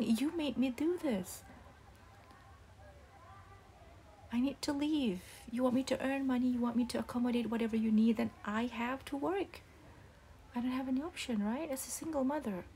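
A hurt but stern single mother scolds softly in a whispered role-play, as a young woman acts her out. The voice sits a little high yet sounds mellow and warm, halting over its words. A faint hiss lies under it. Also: close to an everyday voice. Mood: stern, scolding. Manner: soft-spoken, halting with restarts.

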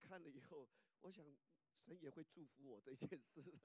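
A man's voice: moderate pace, dry recording. A man preaching a sermon, acting out the people he quotes. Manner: animated, acts out quotes in a high voice. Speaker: pastor.

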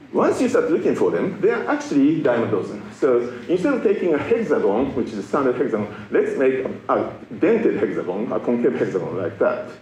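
A man's voice: medium pitch, a little hiss or hum. Playful male lecturer in a roomy hall. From Japan. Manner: playful, self-mocking, lively delivery. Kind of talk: public science lecture.

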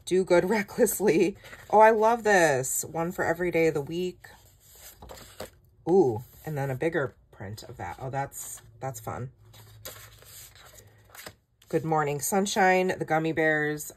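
A woman craft vlogger chatting casually through a product flip-through, gushing and excitable with frequent gasps and exclamations. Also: sits low, a little hiss or hum.

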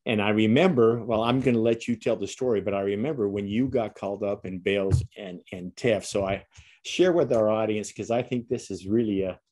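Man, interview host, encouraging, prompting, lowish voice. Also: brisk, darkish tone.

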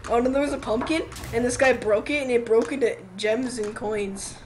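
A high-voiced woman chatters through a game session in excitable, giggly bursts. She shouts out countdowns and wins, over a faint hiss in the background. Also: moderate pace. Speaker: gamer. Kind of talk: let's play commentary.

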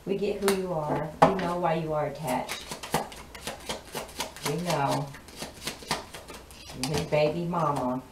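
A woman's voice: sits low, steady tone, slow, long pauses, recorded from a distance. A woman, giving a sassy, drawling tarot reading in a spoken channeling style and laughing often. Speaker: tarot reader. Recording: echoey room, voice off-mic, noisy.

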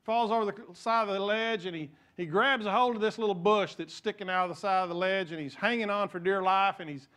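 A male pastor, preaching a sermon in a church, telling stories with many restarts and dropping to a soft voice to pray. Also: fairly quick, few pauses. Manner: storytelling with repeated restarts; drops to soft, low voice in prayer.

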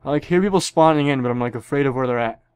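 A man's voice: mid-range voice, racing, a little mellow, smooth, no echo, studio quality. A young man giving profane, joking commentary on a shooter game, with sudden yelps. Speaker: gameplay commentator. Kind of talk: casual gameplay commentary.

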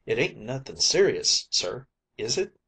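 A man's voice: medium pitch, very animated, measured pace, a bit bright, husky, heavily acted. A man voicing a crafty old sailor who fakes illness, in a plaintive, put-upon dialect.

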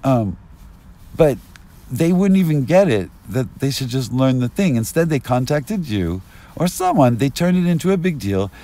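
Agitated rambling man, lively pitch. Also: moderate pace. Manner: agitated, rambling, swings into yelling. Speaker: vlogger. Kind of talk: rambling street monologue. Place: outdoors on a street. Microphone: binaural mic.

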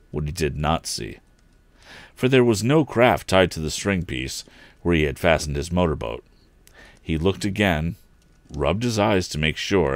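Reading an old adventure novel aloud for a livestream, a deep-voiced male storyteller performs expressively and gives each character its own voice. The recording has no echo.

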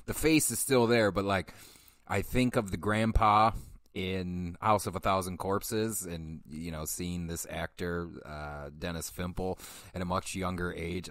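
A man's voice: low-pitched, fairly bright tone, no room sound, studio quality. A man hosting a film podcast, chatting casually in a rambling, profane way and often correcting himself. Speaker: podcast host. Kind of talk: casual film review chat.

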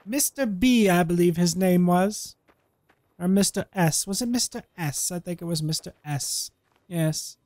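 A man's voice: sits high, a little slow, darkish tone, no room sound. A man putting on a pompous vengeful wasteland wanderer. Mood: scheming. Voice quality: pompous, melodramatic, with a put-on accent. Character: grandiose vengeful male wasteland wanderer, menacing, theatrical. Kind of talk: let's play role-play voice.

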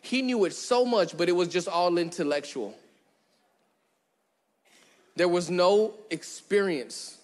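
A man preaching as pastor, chatty and joking, who slows down and goes quiet to stress a point. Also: sits high, expressive. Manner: conversational, joking, acts out little scenes; slows down and drops quiet for emphasis. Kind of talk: sermon. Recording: long church hall reverb.

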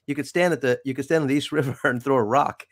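A man with a New York accent, born in the city, hosting a casual interview with wry, animated chat. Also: medium pitch, quick pace, dry recording, studio quality. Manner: chatty, wry, animated sign-offs. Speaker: show host.

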